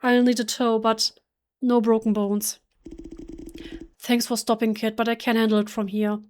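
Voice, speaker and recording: A woman voicing a wiry middle-aged man, a gruff driver who is shaken and blustering after a crash. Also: a little high, level tone, normal speed, natural voice. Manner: loud, rattled, blustery.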